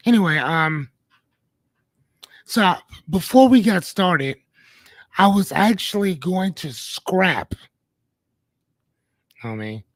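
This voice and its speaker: On a casual livestream with no echo, a high-pitched male host banters playfully with his audience, wandering from topic to topic and calling out viewers by name.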